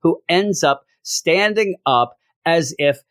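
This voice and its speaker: A man's voice: fairly high pitch, slow pace, no echo, studio quality. A man giving a casual comic book review, joking around and playfully acting out lines from the story. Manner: jokey, animated, acts out quotes from the story.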